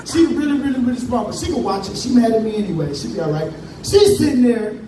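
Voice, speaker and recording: On a comedy club stage, a man with a very high, expressive voice rattles through a stand-up story full of casual Southern US slang. The recording is echoey and distant, with background noise and a crowd audible.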